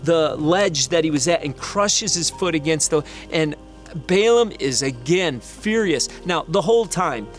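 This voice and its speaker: A middle-aged man preaching, an animated storyteller who acts out the voices in the story. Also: on the high side, measured pace, faint music behind. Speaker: pastor. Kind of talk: sermon storytelling.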